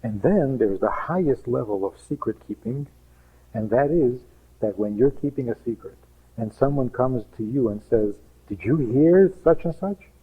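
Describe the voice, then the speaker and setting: A husky-voiced male rabbi teaches with emphatic rhetorical questions, slipping into voices as he quotes people. His voice sounds narrow and tinny, as if carried over a phone line. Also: medium pitch, moderate pace. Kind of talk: teaching talk on relationships.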